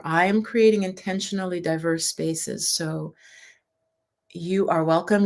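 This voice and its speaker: Chatty woman meditation teacher on a livestream. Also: deep voice. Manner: chatty, reassuring, sometimes laughing. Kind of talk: casual livestream talk.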